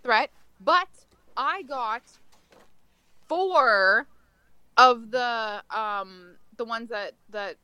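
A woman playing a tabletop role-playing game, bubbly, giggly and excitable in casual chat. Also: fairly high pitch, very slow, long pauses, smooth, no echo, low-quality recording. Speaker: player.

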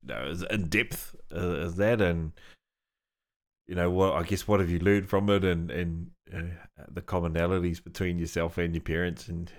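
A man's voice: deep voice, steady tone, normal speed. A man co-hosting a podcast in a studio, rambling casually with lots of fillers, easy laughs and offhand swearing. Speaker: podcast co-host. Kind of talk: casual chat.

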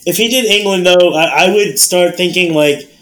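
Male panelist, slightly high voice, hesitant. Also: normal speed, fairly bright tone. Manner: hesitant, many fillers. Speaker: podcast co-host. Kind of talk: casual chat.

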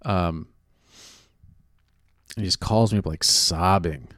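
A man's voice: low-pitched, slow, fairly bright tone, no room sound, clean studio sound. A man from California who works as an actor and writer talks in a casual chat. He is sarcastic and profane, and he rambles with many restarts.

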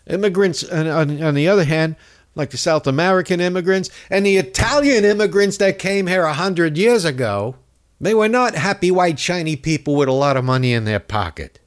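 Profane ranting man, lively pitch. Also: moderate pace. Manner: angry, insulting, rambling with many fillers. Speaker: comedic ranter. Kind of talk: profane political rant.

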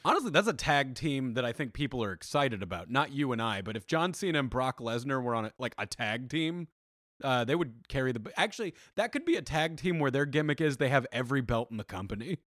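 A young man co-hosting a casual chat podcast, jokey and quick to laugh. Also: medium pitch, lively intonation, a bit bright, no echo, studio quality. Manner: jokey, does mock impressions, laughs often. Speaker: podcast co-host.

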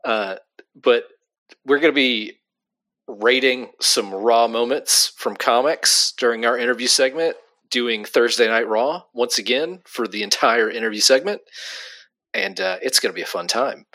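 Man, podcast co-host, deadpan delivery, lively pitch. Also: a little slow. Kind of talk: casual chat. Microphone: remote call.

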